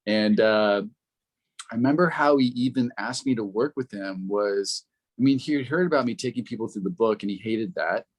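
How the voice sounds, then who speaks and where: A man, a podcast co-host telling stories in a relaxed, casual way and swearing freely. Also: lowish voice, normal speed. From Los Angeles, United States. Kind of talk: casual conversation.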